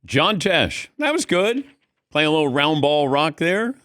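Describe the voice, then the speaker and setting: Smooth-voiced male radio host. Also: fairly high pitch, big pitch swings, measured pace, fairly bright tone, no room sound, studio quality. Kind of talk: casual interview.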